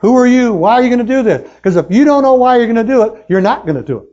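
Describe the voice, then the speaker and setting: A man speaking as a motivational speaker at a sales meeting, talking excitedly and pushing the crowd with questions in a live seminar talk. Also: extremely high pitch, fast talker, lo-fi sound. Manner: excitable, pushy, talks straight to the crowd with questions.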